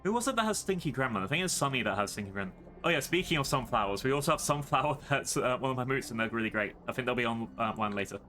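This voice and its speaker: A man's voice: mid-range voice, animated, very fast, few pauses, pushed and bright, soft background music. A British man streaming a game live, chatting playfully and rambling to his chat.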